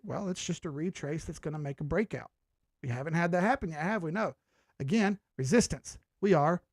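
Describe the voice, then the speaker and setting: A crypto chart analyst hosts a live stream, walking viewers through a chart in a casual, chatty, joking way full of rhetorical questions. His voice is fairly high and darkish, with no room sound.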